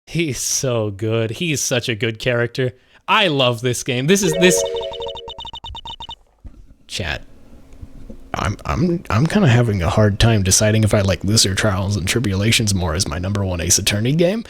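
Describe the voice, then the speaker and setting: Excitable swearing male game streamer. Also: on the low side, normal speed, soft background music. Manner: excitable, emotional, swears often. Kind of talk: live game commentary.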